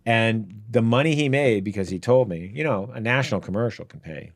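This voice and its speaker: A man's voice: lowish voice, brisk, no room sound, clean studio sound. A male podcast co-host and actor, telling rambling, hesitant anecdotes full of restarts. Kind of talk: casual podcast chat.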